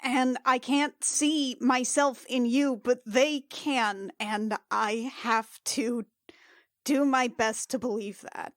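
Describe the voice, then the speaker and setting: A self-doubting young female cleric, as a woman puts her on, speaking slowly and haltingly in a fairly high voice. Her lines drop to a hush. The voice sounds close and dry. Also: steady tone, dry recording. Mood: earnest. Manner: halting, hesitant, hushed and slow.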